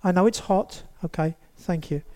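High-voiced animated male preacher. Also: normal speed. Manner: animated, acts out quotes, addresses the congregation directly. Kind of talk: sermon.

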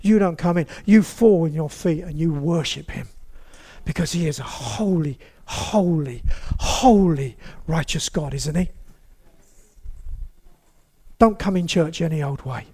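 A man's voice: on the high side, unhurried. A man preaching a sermon to a congregation in a church, talking to them directly and acting out little scenes as he goes. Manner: animated, acts out quotes, addresses the congregation directly.

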